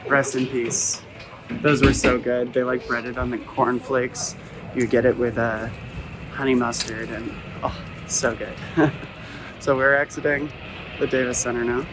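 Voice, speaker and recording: A man's voice: mid-range voice, flat delivery, unhurried, background noise. A man in his twenties hosting a casual gaming vlog, chatty and nostalgic as he looks around his old campus. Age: 20s. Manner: nostalgic, laid-back and chatty. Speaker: gaming vlogger host. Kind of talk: casual walking vlog narration.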